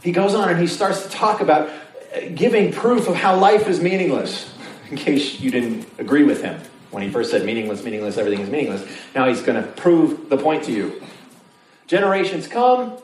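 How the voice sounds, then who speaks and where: Here the preacher is a man whose voice sits a little high and runs fairly quick. Casual and joking, he animates his sermon by performing his listeners' voices, in a church sanctuary recorded through a far-off mic that leaves it roomy and faintly noisy.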